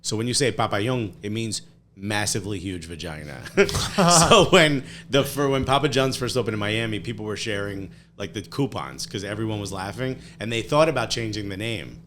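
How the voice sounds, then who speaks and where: A man's voice: on the low side, moderate pace, a little hiss or hum. A man with a strong Newark, New Jersey accent, a guest comedian telling stories in casual podcast chat and laughing often. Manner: animated storyteller, laughs often.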